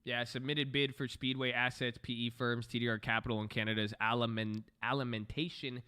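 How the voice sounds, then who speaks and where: A man riffs loosely through a live trading stream, thinking aloud, joking and swearing. His voice is bright and forward, and his pitch is moderate for a man. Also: normal speed, few pauses, clean tone.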